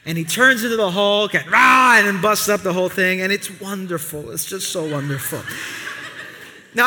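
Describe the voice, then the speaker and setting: A pastor from Brooklyn, preaching a sermon in a lively, conversational storytelling way. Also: male voice, sits high. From Brooklyn, New York. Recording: long reverb of a large hall.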